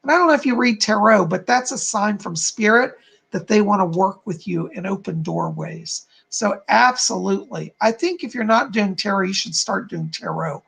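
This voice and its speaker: A man's voice: sits high, animated, normal speed, vocal fry, a bit bright, husky. A man hosting a live-stream of psychic readings, speaking soothingly to viewers and calling them darling and hon. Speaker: psychic medium host.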